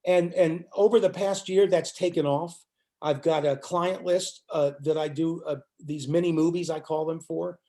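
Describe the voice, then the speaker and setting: Animated older man telling a story. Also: fairly high pitch, moderate pace. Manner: animated storyteller acting out quotes. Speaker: musician guest. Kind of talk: storytelling in an interview.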